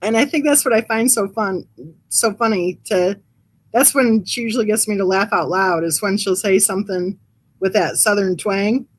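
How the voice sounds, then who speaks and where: A woman's voice: mid-range voice, normal speed. Chatty woman rambling on a livestream. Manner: reads live chat aloud. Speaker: true crime channel host. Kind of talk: casual livestream chat.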